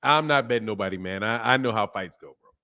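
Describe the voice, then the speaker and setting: A man hosts a casual boxing livestream, animated and slangy, reading chat comments aloud and reacting to them. His voice is on the low side, clear and resonant, and he talks fast.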